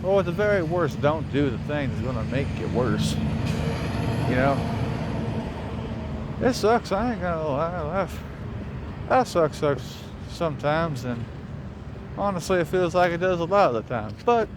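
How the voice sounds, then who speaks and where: A man's voice: fairly high pitch, lively intonation, measured pace, long pauses. Rambling Southern man walking outdoors. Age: young adult. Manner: rambling, reflective, swears casually. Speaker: vlogger. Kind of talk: casual walking vlog monologue. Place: outdoors on city streets, passing traffic. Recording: faint street and traffic noise.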